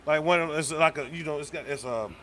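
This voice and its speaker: A man's voice: on the high side, fast talker, bright, forceful tone. A man chatting casually, rambling through profane anecdotes with restarts and filler. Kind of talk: casual chat.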